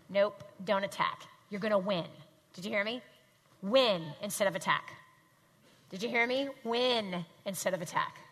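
A woman teaching a room full of people in an emphatic, animated way, pausing to have them repeat her lines back. Her voice is bright and forceful, and it rings with a long reverb through a big hall. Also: medium pitch. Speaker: speaker teaching a live audience. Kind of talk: faith-based teaching talk. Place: large hall with audience.

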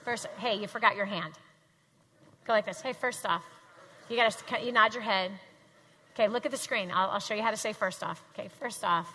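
A woman teaching a room full of people in an emphatic, animated way, pausing to have them repeat her lines back. Her voice is bright and forceful, and it rings with a long reverb through a big hall. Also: mid-range voice, slight background noise. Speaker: speaker teaching a live audience. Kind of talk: faith-based teaching talk. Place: large hall with audience.

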